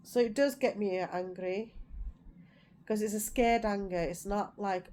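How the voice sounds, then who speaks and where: A woman's voice: medium pitch, measured pace, mellow, a little hiss or hum. A middle-aged woman vlogging in a rambling, casual way, repeating herself as she tells family stories. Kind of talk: casual chat to camera.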